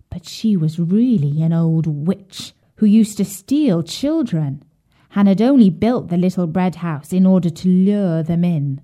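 A woman reading a fairy tale aloud for children, expressive, sometimes dropping to a whisper. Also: fairly low pitch. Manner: slow, expressive, drops to a whisper at grim parts. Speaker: storyteller.

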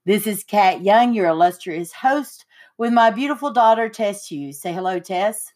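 A middle-aged woman hosting a casual chat podcast, telling stories with lively, acted-out quotes. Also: moderate pace. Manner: animated storyteller, acts out quotes with big pitch jumps. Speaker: podcast host.

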